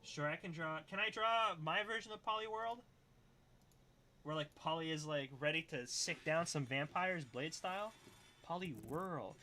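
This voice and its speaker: A young man with a high, very bright and forceful voice, chatting loosely to his livestream chat. He rambles, swears constantly and breaks into laughter, reacting to messages as they come in. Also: lively intonation, unhurried. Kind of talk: casual livestream chat reading chat.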